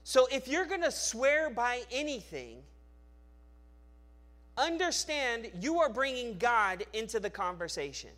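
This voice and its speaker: A male pastor preaching a sermon, swinging between loud emphatic lines and quiet, low asides, with frequent restarts and repeated words. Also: big pitch swings, measured pace.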